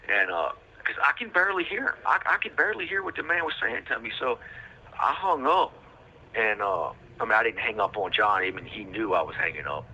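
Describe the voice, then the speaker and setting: A man's voice: medium pitch, very animated, moderate pace, sharp tone, breathy edge. A man telling a rambling story with lots of fillers and street slang, recorded over a prison phone line. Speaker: podcast host telling his own story.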